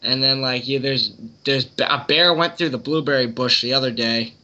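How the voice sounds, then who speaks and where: A young man guests on a hunting podcast, rambling easily and saying "dude" often. His voice has a bright, forceful edge. The sound is dull and lo-fi. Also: mid-range voice, moderate pace, slight background noise. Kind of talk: casual chat. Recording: dull lo-fi audio.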